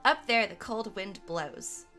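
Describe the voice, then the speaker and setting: 女性が演じるいたずらっぽく冷静な若い雌猫. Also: female voice, mid-range voice, animated, takes it slowly, pushed and bright, faint music behind. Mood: sly. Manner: coolly teasing, mischievous. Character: sly, cool young female forest cat.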